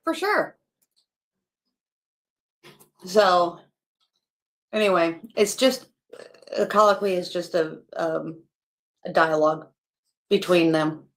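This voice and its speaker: A woman's voice: on the low side, flat delivery, slow pace, pauses often. Woman, casual live commentator, talks off the cuff in a wry, chatty way. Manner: chatty, wry, thinking aloud with laughs and asides.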